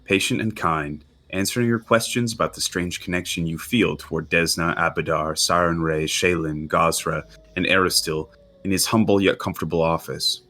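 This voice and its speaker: A man narrating as game master for a tabletop game, relaxed and halting with frequent fillers. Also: sits low.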